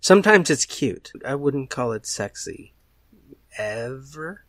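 A man's voice: medium pitch, lively intonation, slow, fairly bright tone, dry recording. A man appearing as a podcast guest, chatting casually and making dry, wry remarks. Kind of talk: casual chat.

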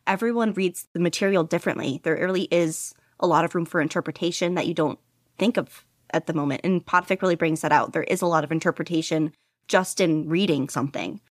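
A young woman with a fairly low voice talks at length as an interview guest, rambling and enthusiastic. She fills her sentences with asides and casual fillers. The sound is dry and close, with no room around it. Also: a little fast, no echo. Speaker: guest podficcer.

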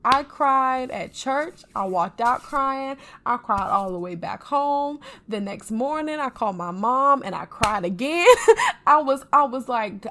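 A woman co-hosting a casual faith podcast, telling a personal story in an earnest, animated way. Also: on the high side, slight background noise. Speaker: podcast co-host.

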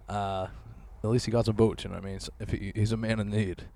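A man's voice: on the low side, level tone, fairly quick, mellow. A man hosting a podcast, chatting crudely and joking, laughing often. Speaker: podcast host. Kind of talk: casual chat.

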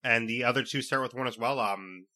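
A man's voice: medium pitch, brisk, sharp tone. A man co-hosting a casual gaming podcast, chiming in with short agreeable remarks and follow-up questions. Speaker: podcast co-host.

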